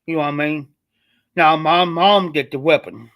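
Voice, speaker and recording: A man from Ohio rambles through a personal story on his livestream, repeating himself in a loose, colloquial style. His voice sits a little high for a man. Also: normal speed, a bit bright. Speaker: livestream host.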